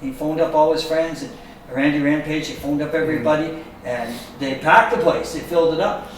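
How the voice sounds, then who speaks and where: Brief: man, animated raconteur, a bit high-pitched, distant mic in a very reverberant room. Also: brisk, slight background noise. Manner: animated storyteller who acts out quotes. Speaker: guest musician. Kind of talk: casual storytelling chat. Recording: echoey room picked up from a distance.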